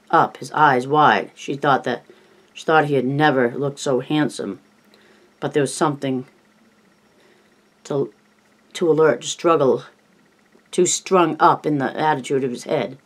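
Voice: mid-range voice, steady tone, unhurried, long pauses. An amateur audiobook reader narrating plainly, with coughs, stumbles and self-corrections.

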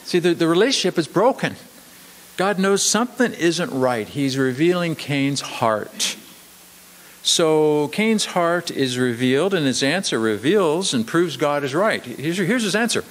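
A man pastor delivers a sermon, with a voice sitting somewhat high. He rises into quick, forceful phrases, then slows and drops low to press a point. The sound carries a long church-hall reverb. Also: expressive. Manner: dramatic, emphatic preaching with sudden drops to slow, low emphasis. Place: church sanctuary.

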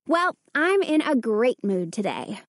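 A woman voicing a cheerful young girl in a storybook reading, bright and teasing. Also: fairly high pitch, sing-song, unhurried, dry recording, studio quality. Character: cheerful preteen girl, teasing older sister.

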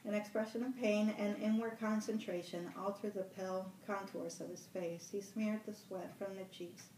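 Woman library director reading a novel aloud, steady, echoey and distant. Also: mid-range voice, moderate pace, slight background noise. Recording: roomy room, mic at a distance.

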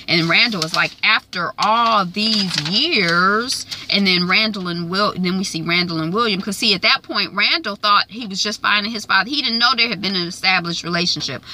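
A woman's voice: mid-range voice, quick pace, few pauses, sharp tone, slight background noise. A woman casually recapping a TV episode, retelling scenes and quoting characters in her own voice, with many fillers. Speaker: TV recap host.

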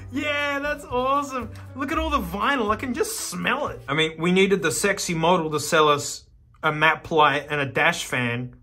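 Aussie bloke laughing thru his commentary, bright punchy voice, bit of music in the background. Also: fairly high pitch, moderate pace. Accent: Australian. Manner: laughing, excitable, jokey asides. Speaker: YouTube host. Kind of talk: casual commentary while flipping through an old car magazine.

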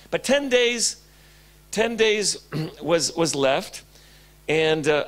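A male pastor with a high voice preaches a sermon in church. He tells stories animatedly, his volume swinging between loud and hushed.

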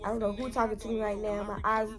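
A young woman telling a story in a casual vlog, animated and slangy, swearing freely. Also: mid-range voice, fast. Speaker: vlogger. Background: music.

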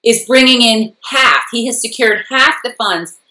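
A woman's voice: on the high side, a little slow, pushed and bright. Chatty female co-host, rambling easily, recorded in a roomy space. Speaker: co-host of a fan recap show. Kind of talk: casual chat.

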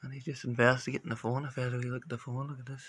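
An Irish man vlogging at home in a gentle, unhurried, chatty way, recorded on a handheld phone. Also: mid-range voice, level tone, breathy edge. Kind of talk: casual talk to camera. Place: home bedroom.

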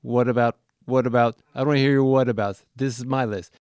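A man putting on the voice of a nagging male commenter who keeps raising objections, quick and mocking. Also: mid-range voice, steady tone, a little mellow, a little hiss or hum, natural voice.

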